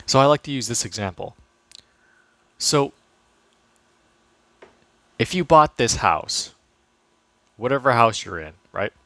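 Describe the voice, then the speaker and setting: A man's voice: mid-range voice, animated, takes it slowly, pauses often, sharp tone, no room sound. A man talking casually about investing to his viewers, chatty and loose, full of fillers and restarts. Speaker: finance vlogger. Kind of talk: casual talk to camera.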